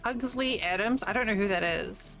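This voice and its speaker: A woman's voice: medium pitch, moderate pace, faint music behind. Swearing New Zealand woman streamer. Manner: blunt, swears freely, animated storytelling. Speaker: streamer host. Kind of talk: casual chat.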